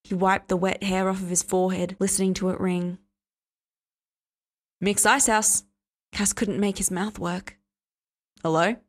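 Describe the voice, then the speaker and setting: A woman reading a story aloud as audiobook narrator in a steady, even manner. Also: medium pitch, a little fast, hardly any pauses. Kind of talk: scripted narration.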